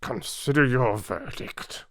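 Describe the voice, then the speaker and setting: A man's voice: medium pitch, voice pushed up. A man doing a pompous blustering king. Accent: British English. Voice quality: pompous, loud and drawn-out. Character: blustering pompous male king, easily flustered. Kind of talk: audiobook character voice.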